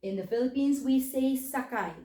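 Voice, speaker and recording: A woman's voice: sits high, moderate pace, warm tone, reverberant. A woman teaching a language lesson, patiently explaining step by step and checking in with questions. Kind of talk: spoken lesson.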